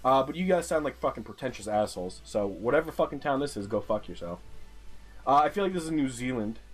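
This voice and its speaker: A man's voice: mid-range voice, very animated, fast talker, soft background music. A man with a New York accent commentating a geography guessing game, exasperated and swearing constantly as he rants at what he sees. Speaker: streamer playing a geography game. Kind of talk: profane gaming commentary.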